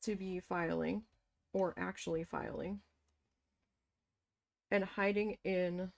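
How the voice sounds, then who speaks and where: A woman casually telling a story from her past, animated and swearing as she quotes her own shocked reactions. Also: on the low side, slow pace, vocal fry. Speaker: crafting vlogger.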